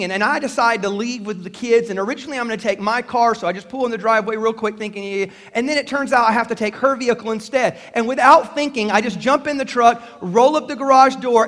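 A man pastor delivering an animated sermon, telling stories and leading call-and-response with the congregation. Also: very high voice, long reverb tail. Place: church sanctuary.

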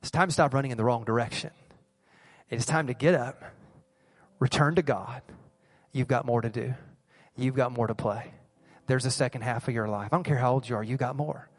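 A man's voice: medium pitch, a little fast, long pauses, big-room sound. A man preaching a sermon as pastor, earnest and pleading, repeating phrases for emphasis. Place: church service.

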